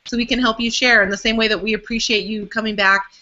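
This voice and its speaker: A woman with a bright, fairly high voice co-hosts a live web show over a video call. She sounds friendly and encouraging as she speaks to the guest and the viewers. The sound is dull and lo-fi, like web stream audio. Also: steady tone, fast.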